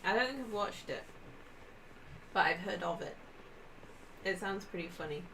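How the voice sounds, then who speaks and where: A woman's voice: mid-range voice, expressive, moderate pace, creaky, bright, forceful tone, slight background noise, low-quality recording. A woman co-hosting a gaming video, chatting and telling stories with frequent laughs. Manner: chatty, giggly storyteller. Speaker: co-host. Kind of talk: casual chat.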